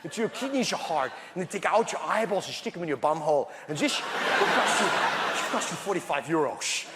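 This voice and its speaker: A man's voice: fairly high pitch, sing-song, brisk, crowd noise, voice pushed down. A man putting on a Dutch accent as a lewd host selling hell as a party weekend, on a stand-up stage. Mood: leering. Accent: Dutch, put on. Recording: echoey theatre, loud audience noise.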